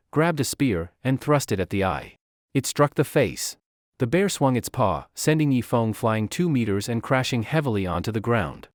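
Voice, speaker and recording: A man's voice: mid-range voice, no room sound, studio quality. A man narrating a comic story recap in a dramatic storytelling manner.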